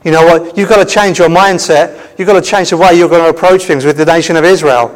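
A man's voice: a little high, steady tone, fast talker, long reverb tail, natural voice, rough recording. A man voicing God speaking firmly and declaratively, in a sermon retelling. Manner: firm, declarative. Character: God, a firm commanding male voice.

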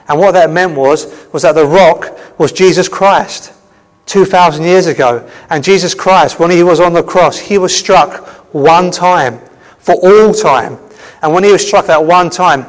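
A man preaching a sermon in a conversational, animated storytelling manner. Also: on the high side, big-room sound, low-quality recording.

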